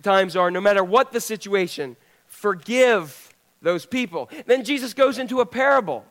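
A male pastor with a high-pitched, animated, fairly bright voice preaches at normal speed. His sermon is conversational, and he puts questions to the congregation.

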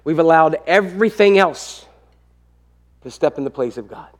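Animated high-voiced male pastor. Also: moderate pace. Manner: animated storytelling, acting out family quotes. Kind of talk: sermon with personal storytelling.

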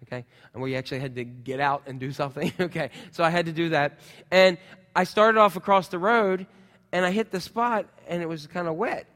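A middle-aged man preaching a sermon as pastor, telling personal stories in a lively way with sound effects. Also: fairly high pitch, brisk, long reverb tail.

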